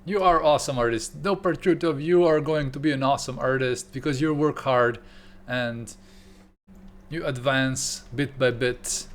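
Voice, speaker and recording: Streaming live from his home setup, a man with a medium-pitched voice talks at a moderate pace. He chats casually with viewers, joking playfully and throwing in mock German phrases.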